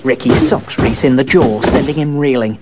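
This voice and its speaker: A man giving scripted recap narration in a flat, matter-of-fact way. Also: mid-range voice, normal speed, heavy background noise. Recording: dull audio over loud music.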